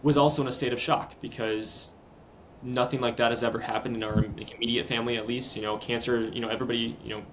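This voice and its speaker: A young man in his twenties speaks at a middle pitch as a podcast guest, earnest and halting as he retells events step by step. His voice is plain and conversational. A faint low rumble sits under it. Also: flat delivery, fairly bright tone, rough recording. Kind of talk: casual interview storytelling.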